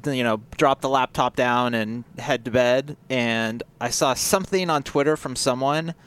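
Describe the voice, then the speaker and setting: A man's voice: medium pitch, moderate pace, fairly bright tone, clean tone. A man co-hosting a sports talk show, telling stories conversationally. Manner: conversational, storytelling with quoted asides. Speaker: sports radio co-host.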